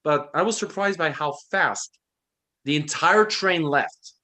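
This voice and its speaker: A man co-hosting an online book discussion over a video call, telling stories in an animated way and laughing often. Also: on the high side, a little slow. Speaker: book club co-host.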